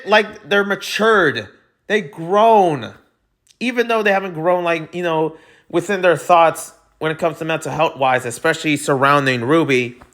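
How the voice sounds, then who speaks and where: A man in his twenties, rambling and excitable as he reviews a show in a casual vlog, often repeating himself. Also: high-pitched. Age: 20s.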